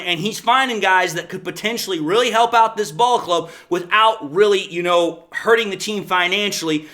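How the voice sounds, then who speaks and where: High, bright-voiced man giving sports takes. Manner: emphatic, talks himself into his points. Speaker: sports podcast host. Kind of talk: solo sports commentary.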